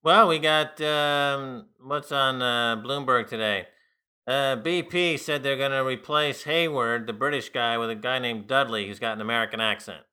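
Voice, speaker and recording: A man's voice: mid-range voice, normal speed, sharp tone, clear, resonant tone. A man co-hosting a talk radio show, giving wry, sardonic commentary on the news in casual studio chat. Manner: wry, sardonic, mocks with put-on voices.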